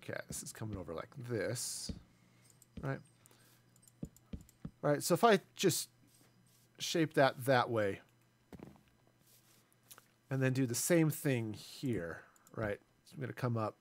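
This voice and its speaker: A man's voice: medium pitch, lively intonation, takes it slowly, pauses often, a little hiss or hum. A man in his forties chatting casually and self-deprecatingly as he streams a building game. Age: 40s. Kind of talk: casual live gameplay commentary.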